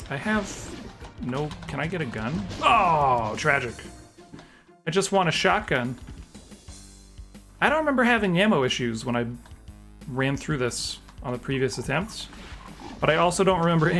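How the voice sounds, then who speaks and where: A man's voice: a little high, fairly bright tone. A man streaming a game live, chatting casually and self-deprecatingly while reacting aloud to the action and answering chat. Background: game music.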